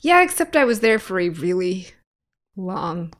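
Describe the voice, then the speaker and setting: A woman's voice: mid-range voice, big pitch swings, a little slow. A woman chatting casually about board games, laughing often. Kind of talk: casual chat.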